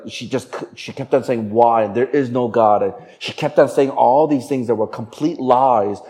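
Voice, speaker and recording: A male pastor tells a story from the pulpit in an animated sermon voice. He swings between a raised, urgent delivery and a hushed, low one. His voice sits at an ordinary middle pitch.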